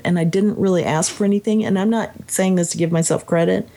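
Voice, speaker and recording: A woman's voice: fairly low pitch, fast. A woman in casual conversation, reflecting on a story she read and sometimes reading passages aloud. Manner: reflective, reads passages aloud, animated when quoting. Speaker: book discussion co-host. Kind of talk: casual chat about a book.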